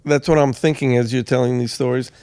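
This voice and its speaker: A man's voice: mid-range voice, steady tone, fairly quick, darkish tone. A man co-hosting a casual interview, mostly short agreements and follow-up questions. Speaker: podcast co-host.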